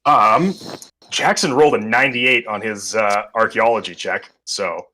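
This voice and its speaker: A man's voice: on the low side, a little slow, bright, forceful tone, slight background noise. A man narrating a tabletop horror game as game master, describing scenes with many ums and uhs.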